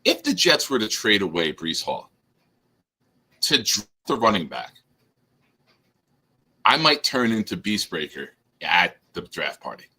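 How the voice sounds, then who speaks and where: A man's voice: fairly low pitch, sing-song, a little slow, pauses often, sharp tone, husky. A man co-hosting a sports talk show, chatting casually and ribbing a caller. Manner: ribbing, teasing banter.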